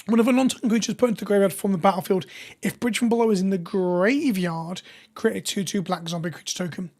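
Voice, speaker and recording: A woman with a hoarse voice, chatting casually with viewers on a live stream. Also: medium pitch, fast, darkish tone. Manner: chatty, reads viewer names and jokes with chat.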